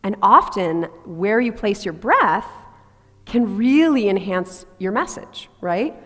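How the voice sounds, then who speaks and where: A woman's voice: medium pitch, lively intonation, takes it slowly, a bit bright. Woman voice coach walking a group thru breathing drills, long reverb, a bit of music behind. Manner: demonstrates breathing sounds, asks the group to try. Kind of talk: workshop teaching to a group. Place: large hall with a live group.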